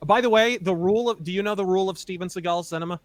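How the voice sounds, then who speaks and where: A man with a high voice chats as a podcast guest, recorded close and dry with no room sound. He talks quickly and chuckles through his banter. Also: no room sound. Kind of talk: casual chat.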